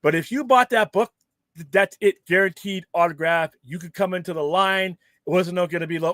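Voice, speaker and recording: Casting: male host, high voice, heated profane rant, dry close sound. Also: moderate pace, no echo. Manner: heated, profane, animated ranting. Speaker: podcast host. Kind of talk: casual ranting chat.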